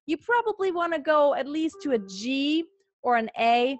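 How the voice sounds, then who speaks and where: Woman, vocal coach, high voice, earnest, instructive, sings short examples, dry sound. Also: lively intonation, normal speed, no room sound, highs cut off. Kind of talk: singing lesson with sung demonstrations.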